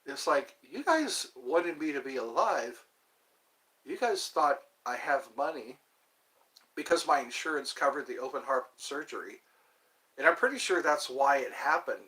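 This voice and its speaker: Rambling male streamer, bright tone, wry and self-mocking, mid-pitched. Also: rough recording. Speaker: livestreamer. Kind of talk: casual livestream monologue.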